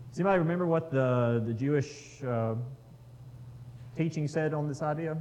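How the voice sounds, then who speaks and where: A man's voice: a little high, normal speed, darkish tone, slight background noise, low-quality recording. A man leading a casual Bible study, talking with the group, putting questions to them and reading scripture aloud.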